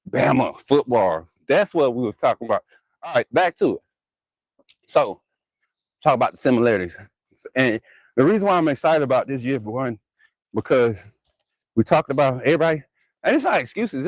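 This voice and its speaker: A man's voice: mid-range voice, no room sound, low-quality recording. A man hosting a live sports talk stream, chatty and laughing often as he talks straight to his viewers. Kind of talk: casual live-stream chat.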